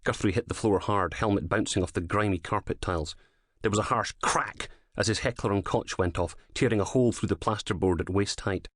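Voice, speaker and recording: A man narrating a crime thriller audiobook in a measured, dramatic storytelling manner, on a close mic. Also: on the low side, dry recording.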